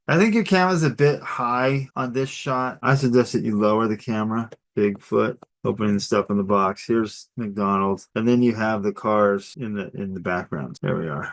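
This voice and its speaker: A middle-aged man giving a relaxed, encouraging storyboard critique in a casual, conversational way. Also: on the low side. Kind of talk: casual critique over drawings.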